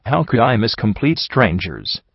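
A man narrating a first-person audiobook in a steady, introspective storytelling manner. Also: lowish voice, measured pace, slightly rough, no room sound. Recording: dull lo-fi dry recording.

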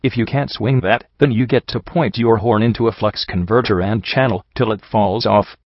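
Blunt mare riverboat captain, read by a man: low, bossy, dry lo-fi sound. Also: steady tone, moderate pace, no echo, close to an everyday voice. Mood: stern. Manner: blunt, laying down rules. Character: tough female pony riverboat captain, bossy. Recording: dull lo-fi dry recording.

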